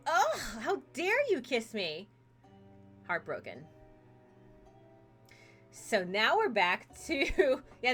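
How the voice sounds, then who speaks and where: Bright-voiced woman streaming a story game. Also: mid-range voice. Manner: playful, narrates a fairy tale and hops into character voices. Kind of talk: casual gaming stream chat with acted story voices.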